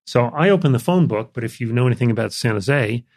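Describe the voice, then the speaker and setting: An older man, an interview guest, telling a personal story in a relaxed, reflective way, with frequent fillers. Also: medium pitch, fast talker, no echo, studio quality. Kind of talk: conversational storytelling.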